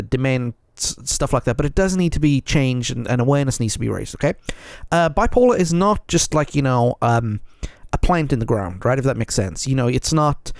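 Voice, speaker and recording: Male solo podcast host, earnest and rambling, mid-pitched, dry close sound. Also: darkish tone, no echo. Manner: rambling, repeats himself, keeps checking in with "okay?"; frank and earnest. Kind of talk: solo confessional podcast monologue.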